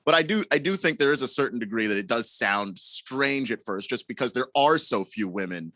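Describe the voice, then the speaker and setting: A man co-hosting a sports talk radio show, offering measured, reasoned counterpoints in casual banter. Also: medium pitch, expressive, pushed and bright, no room sound. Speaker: radio co-host. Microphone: studio microphone.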